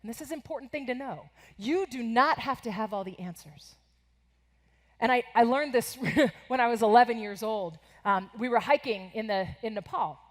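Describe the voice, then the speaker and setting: Woman, forties, from the US, motivational keynote, energetic, higher voice, echoing hall. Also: moderate pace. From United States. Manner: energetic, animated storyteller. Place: large conference hall.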